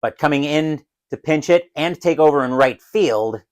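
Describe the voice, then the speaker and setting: A man calling a tabletop dice baseball game as a solo play-by-play announcer, who gets loud and excited on big plays. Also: a little high, moderate pace, poor audio. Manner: adds his own crowd cheers.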